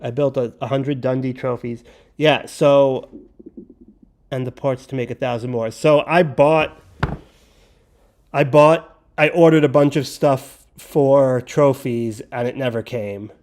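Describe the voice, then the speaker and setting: A man's voice: mid-range voice, fairly even intonation, slow pace, a little mellow. A man hosting a livestream, chatting casually and joking while he builds. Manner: rambling, joking, talks while handling pieces. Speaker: livestream host.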